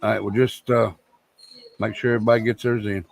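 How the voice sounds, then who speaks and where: A man's voice: on the low side, little pitch movement, fairly quick, vocal fry. A man co-hosting a casual livestream, trading crude jokes in a drawling, bantering way. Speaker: livestream co-host.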